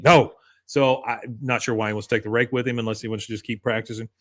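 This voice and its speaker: A man's voice: level tone, fast. Man recapping a cartoon episode. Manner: retells scenes, acting out lines with raised pitch. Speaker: podcast co-host. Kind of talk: casual episode recap chat.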